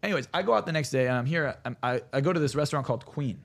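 A man, a hypnotherapist on a podcast, telling stories in a rapid, animated and profane way. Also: medium pitch, vocal fry. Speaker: hypnotherapist guest. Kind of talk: casual podcast chat.

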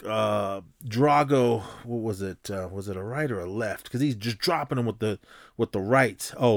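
A podcast host whose voice sits on the low side rambles through a casual recap of a film scene, with plenty of fillers and restarts. He tells it animatedly and acts out punches with sound effects, over a dry recording with clean studio sound.

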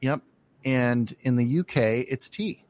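This is a man hosting a relaxed interview, with a mid-pitched voice of ordinary brightness. He talks loosely, piling up "um"s and restarting his sentences as he works his way to the question. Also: takes it slowly. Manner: hesitant, lots of fillers and restarts. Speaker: podcast host. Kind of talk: casual interview chat.

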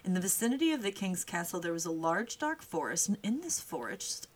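A woman's voice: on the low side, big pitch swings, a little fast, rough recording. A young woman co-hosting a podcast, casually retelling a fairy tale with profane jokes. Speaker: podcast co-host. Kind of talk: casual comedic storytelling.

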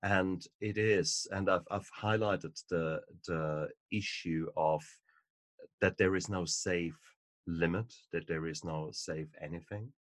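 A male author speaking as a guest on a podcast. His voice is low, and he talks emphatically, repeating words for stress. The sound is dry and close. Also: steady tone, takes it slowly, fairly bright tone, no room sound. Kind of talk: podcast conversation.

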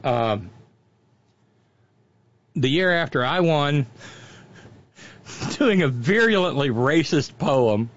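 Animated male radio storyteller, lo-fi. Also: a little high, extremely slow, pauses often. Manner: animated, drawling storyteller who mimics accents. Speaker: radio talk show host. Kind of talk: casual storytelling chat.

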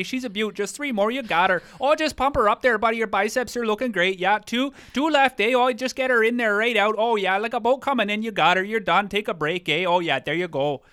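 A man's voice: high-pitched, a bit bright, clear, resonant tone, voice pushed up. A man putting on a hearty Canadian gym buddy. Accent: exaggerated Canadian. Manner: cheering, drawn-out, folksy "eh" tags.

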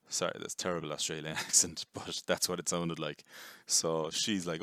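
A man giving a casual, rambling movie review, chatty and quick to swear. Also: a bass voice, little pitch movement, bright, forceful tone, dry recording, studio quality. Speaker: film reviewer.

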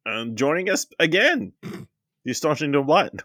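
A man's voice: fairly high pitch, very animated, moderate pace, sharp tone, no room sound, clean studio sound. A man hosting a casual podcast, introducing his co-hosts with playful flourishes. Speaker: podcast host.

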